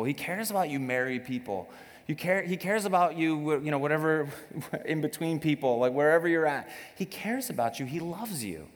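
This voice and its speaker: Pastor, man, 30s, lively joking sermon delivery in a church hall with long reverb. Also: mid-range voice. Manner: animated, joking, acts out quotes.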